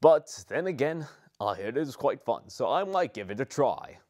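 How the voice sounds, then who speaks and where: Young man doing a cranky ancient male spirit, whiny, sarcastic, bouncy animated pitch, parody voice. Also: normal speed, close to an everyday voice.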